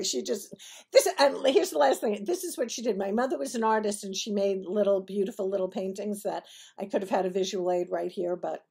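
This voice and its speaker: A chatty woman vlogger tells a rambling personal story straight to her viewers, wandering off on tangents and laughing at her own punchlines. Her voice has a gravelly fry and a husky, breathy edge, sitting at an ordinary pitch for a woman. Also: a little mellow. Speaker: vlogger telling personal stories. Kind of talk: casual storytelling to camera.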